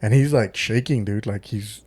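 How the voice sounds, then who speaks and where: A former deputy co-hosting a podcast tells a story in a West Texas accent, cursing a lot and acting out quotes packed with "like" and "dude." His voice is lowish and darkish with a breathy edge, at a moderate pace, and the recording has no room sound. It's a casual storytelling chat.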